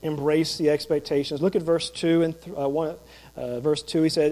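A man's voice: fairly high pitch, steady tone, moderate pace, a little mellow, poor audio. A man who is a pastor, preaching a sermon in an emphatic, conversational way with rhetorical questions.

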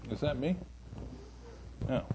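An older man giving a sermon as a guest preacher. He talks in a folksy, unhurried way and pauses often while he tells his stories. His voice sits at an average middle pitch for a man. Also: animated, heavy background noise.

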